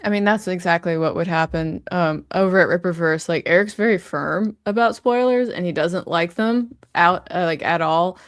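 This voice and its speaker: A woman with a somewhat low voice chats casually on a panel. She talks loosely, full of fillers, and the sound is dry and close. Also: normal speed, few pauses, no echo. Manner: casual, lots of likes and ums.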